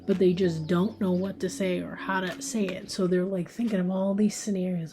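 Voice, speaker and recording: Mellow-voiced woman reading tarot cards. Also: medium pitch, flat delivery, moderate pace, hardly any pauses, slight background noise. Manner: chatty, thinks aloud while drawing cards. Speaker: tarot reader. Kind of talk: pick-a-card tarot reading.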